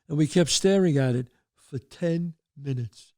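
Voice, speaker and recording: A man's voice: on the high side, moderate pace. An older man hosting a show, telling stories casually and acting out the voices in them. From the Bronx, New York. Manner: animated, acts out voices in his stories. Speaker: host. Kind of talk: casual storytelling.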